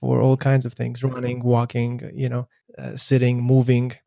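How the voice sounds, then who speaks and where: A man from Russia hosting a podcast, speaking in a casual, halting way with stammered restarts. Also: mid-range voice, monotone, creaky, dark tone, no echo, clean studio sound. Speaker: podcast host. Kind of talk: casual interview chat.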